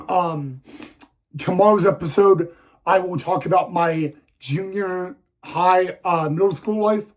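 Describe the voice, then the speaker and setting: A young male YouTuber shares a personal story in a vlog, his higher-pitched voice faltering and repeating words. He sounds emotional, near tears.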